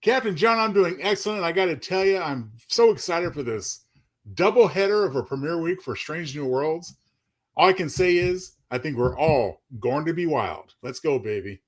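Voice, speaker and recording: Hyped-up dude co-hosting a live stream, voice sits a bit high. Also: male voice, animated, normal speed, poor audio. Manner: eager and hyped. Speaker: co-host. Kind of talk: casual live-stream chat.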